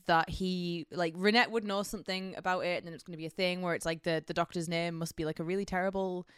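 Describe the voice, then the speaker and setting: Smooth, low-voiced woman chatting casually. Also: steady tone, fast talker, no echo, studio quality. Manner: rambling, with many fillers; laughs easily. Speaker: podcast co-host. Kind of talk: casual chat.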